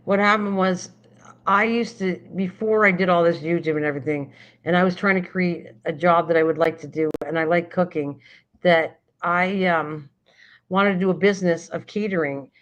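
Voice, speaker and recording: A woman's voice: lowish voice, moderate pace. Rambling older woman hosting a stream. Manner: rambling, restarts sentences while searching for words. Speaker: livestream host. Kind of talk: casual late-night chat. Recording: dull lo-fi stream audio.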